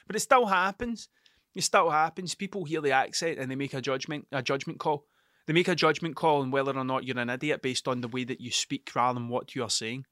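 A Scottish man from Ayrshire with a strong accent, hosting a casual solo podcast and telling stories in a sweary, animated way. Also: fairly high pitch, dry recording, clean studio sound. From Scotland (Ayrshire). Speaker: podcast host.

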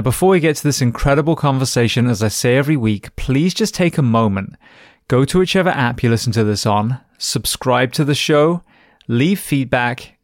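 A man's voice: mid-range voice, dry recording, studio quality. A man from the West Country with an English accent tinged with American, hosting a podcast interview with earnest enthusiasm. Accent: English West Country, with some American. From England. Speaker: podcast host.

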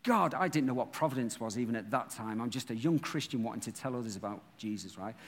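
A man's voice: medium pitch, expressive, fast talker, big-room sound. A man, a pastor preaching a sermon who animatedly acts out the scenes of his story.

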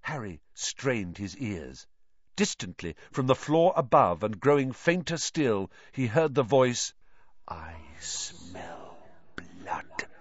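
A man narrating a fantasy audiobook with expressive storytelling. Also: mid-range voice, a little slow, dry recording. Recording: dry, slightly dull recording.

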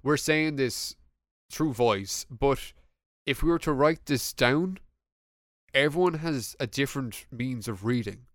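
A young man hosts a casual podcast chat, talking in a lively way, swearing and acting out texts. His voice sits at a middle pitch. It is recorded close and dry, with no room sound. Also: unhurried, no room sound. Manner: animated, swearing, acts out texts. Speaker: podcast host.

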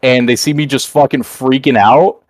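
A young man spins a long tale on a podcast, mid-pitched and recorded close and dry. He rambles casually, swears freely and keeps filling pauses with "uh" and "like". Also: fairly even intonation, no echo. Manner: rambling and profane, full of fillers. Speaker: podcast host. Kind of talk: casual storytelling chat.

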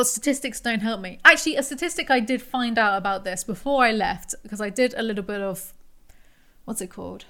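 Bright-voiced woman chatting. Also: medium pitch. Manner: chatty storytelling, with swearing and self-interruptions. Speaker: podcast host. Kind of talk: casual solo monologue.

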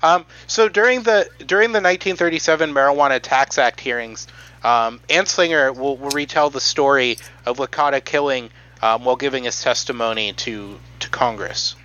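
A man hosting a casual podcast, talking in halting starts with many ums while explaining history. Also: medium pitch, bright, forceful tone, highs cut off. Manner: halting, many ums, reading quotes aloud. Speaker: podcast host.

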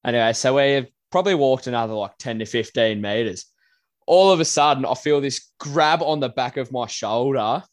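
Young Aussie male podcast co-host, mid-pitched, animated anecdote teller. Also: normal speed. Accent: Australian. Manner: animated storyteller, voices people in anecdotes. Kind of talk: casual chat.

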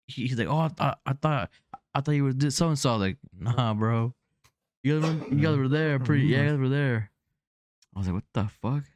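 Animated man mixing in Spanish slang. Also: mid-range voice, brisk, no echo. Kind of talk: casual chat.

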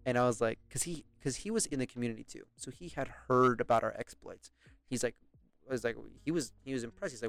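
A man's voice: medium pitch, fast, dry recording. Young British man, casual storyteller, swears a lot and laughs along, dry close mic. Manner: rambling, profane, laughs often. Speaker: podcast host.

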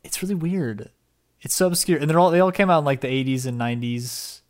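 Excitable young man rambling on a podcast. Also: a little high, fast talker. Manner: excitable, rambling, swears casually. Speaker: podcast co-host. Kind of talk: casual podcast chat.

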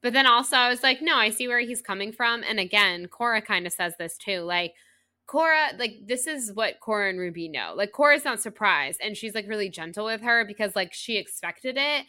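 A woman co-hosting a podcast, talking casually and at length about a book, with lots of fillers and a rambling, animated delivery. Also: mid-range voice, a little fast, no echo. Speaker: podcast co-host.

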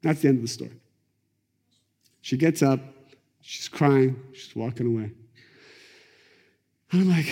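A middle-aged man teaching a class on Kabbalah, telling stories in a lively conversational way. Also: mid-range voice, moderate pace, pauses often, husky. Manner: animated, conversational, acts out quotes. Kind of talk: lecture storytelling. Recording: echoey lecture hall.

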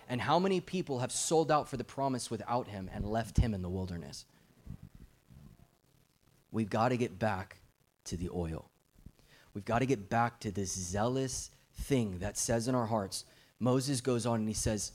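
A man's voice: mid-range voice, animated, moderate pace, darkish tone. A middle-aged man preaching a fervent, urgent sermon as a guest preacher, his volume swelling and dropping as he presses his points.

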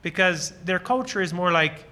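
A man from Lancaster County speaks to a church audience, earnest and eager as he tells personal stories and answers questions. His voice sits a little high for a man. It is bright and forceful, with a tense edge. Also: expressive, moderate pace. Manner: acts out short bits of dialogue while explaining. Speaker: guest speaker on ministry.

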